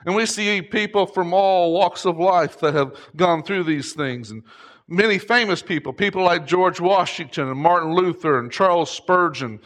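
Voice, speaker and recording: A middle-aged man preaching a sermon, impassioned, rising to shouts at its peaks. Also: high-pitched, normal speed. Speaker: pastor.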